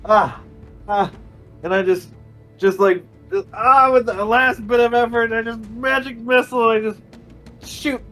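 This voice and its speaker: A man playing a tabletop game who talks haltingly and stumbles over his words. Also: extremely high pitch, steady tone, fairly bright tone, faint music behind. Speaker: player.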